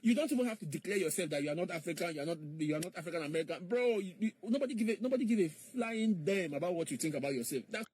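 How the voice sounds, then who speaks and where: A man's voice: high voice, expressive, very fast, hardly any pauses, darkish tone, slightly rough. A man in a played clip, mockingly repeating questions in an argumentative monologue.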